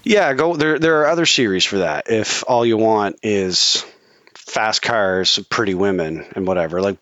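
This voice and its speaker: A man's voice: on the low side, normal speed, a bit bright, no echo, dull audio. A man co-hosting a casual chat, opinionated and swearing freely, with many restarts. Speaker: podcast co-host.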